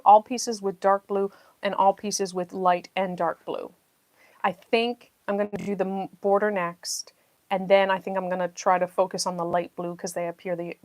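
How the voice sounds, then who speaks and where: A woman's voice: mid-range voice, dry recording. A woman hosting a casual livestream while she builds a jigsaw puzzle, chatting freely and thanking her viewers effusively.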